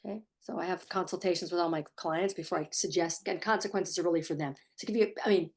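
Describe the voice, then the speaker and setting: Middle-aged woman, lowish voice, parenting coach talking to camera, firm and emphatic, repeats her points. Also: fast talker, gravelly. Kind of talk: direct-to-camera advice talk.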